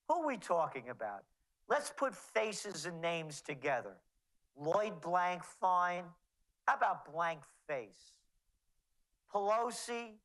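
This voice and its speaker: A man's voice: sits high, sharp tone, poor audio. A man being interviewed as a trends forecaster, talking in a sarcastic, mocking way. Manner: sarcastic, mocking, rattling off names. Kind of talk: interview commentary.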